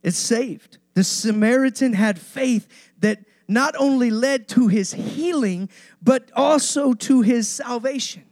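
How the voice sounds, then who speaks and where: A man with a high, bright-sounding voice preaches to his congregation, hammering his lines through repetition and climbing emphasis. The sound is close and dry, with no room around it. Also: takes it slowly, no echo. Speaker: pastor. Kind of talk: sermon.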